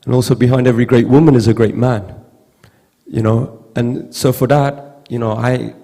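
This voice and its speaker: A man giving a halting, heartfelt storytelling tribute at a memorial gathering, often repeating words. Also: mid-range voice, steady tone, warm tone, big-room sound. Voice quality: gravelly. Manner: halting, repeats words, acts out quoted voices. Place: temple hall with long reverb.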